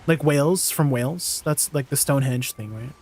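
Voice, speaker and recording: A man's voice: medium pitch, moderate pace, a little mellow, slightly rough. A man streaming a game and chatting casually with his viewers, laughing easily as he answers their questions. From Canada. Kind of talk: casual gameplay stream chat.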